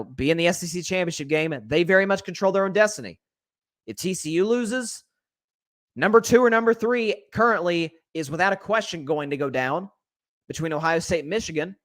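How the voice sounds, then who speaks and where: A man's voice: fairly high pitch, dry recording, studio quality. A man hosting a solo sports talk show, opinionated and conversational, often restarting his sentences. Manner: conversational, frequent restarts and stammers, opinionated predictions. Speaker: sports podcast host.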